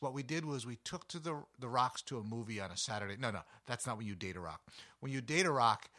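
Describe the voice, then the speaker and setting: A man hosting a casual educational show, explaining science with jokes, quick self-corrections and rhetorical questions to the listener. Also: medium pitch. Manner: jokey, self-correcting, lively teacher tone. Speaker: host of an educational podcast.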